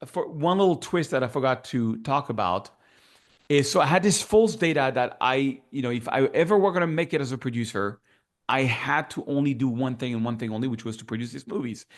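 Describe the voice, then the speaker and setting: A French man with a French accent, appearing as a guest in a casual interview, tells his story animatedly and acts out dialogue he remembers. His voice is medium-pitched and brisk.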